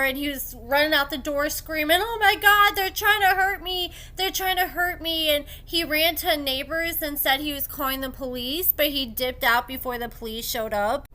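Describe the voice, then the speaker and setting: A woman hosting a commentary channel, casually retelling a story and acting out the quoted lines as she goes. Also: sits high. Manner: animated retelling with quoted voices. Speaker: commentary host. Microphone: desk microphone.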